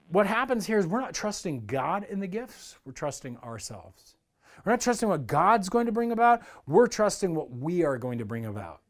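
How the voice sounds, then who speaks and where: Guy preaching a sermon, kinda high voice, talks it through casually and earnestly. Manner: earnest, conversational preaching that acts out quoted complaints. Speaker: pastor.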